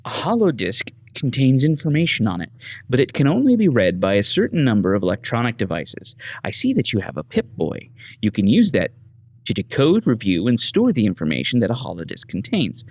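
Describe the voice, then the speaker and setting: A prim, bookish woman of the wasteland, put on by a man reading game dialogue speaks in formal, deliberate sentences. A gravelly texture runs under the voice, and the pitch moves about freely. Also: huge pitch swings, a little mellow, dry recording. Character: polite scholarly wasteland woman, measured and formal.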